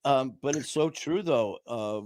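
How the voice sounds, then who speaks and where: A middle-aged man co-hosting a podcast, talking candidly and earnestly about recovery, mocking himself with quick acted-out quotes. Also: mid-range voice, a little mellow, dry recording. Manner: earnest, self-mocking, acts out his past self in quotes. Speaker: podcast co-host.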